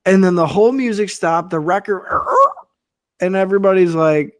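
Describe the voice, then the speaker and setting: Podcast co-host, man, higher voice, wry and profane storyteller, dry studio sound. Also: moderate pace, a little mellow, no echo. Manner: wry, profane, rambling metaphors. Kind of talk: casual wrestling review chat.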